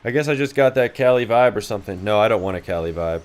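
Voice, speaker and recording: Profane joking streamer from Idaho. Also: male voice, lowish voice, animated, fast talker. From Idaho, USA. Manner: profane, joking banter with chat. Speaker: game developer streamer. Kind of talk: casual livestream chat.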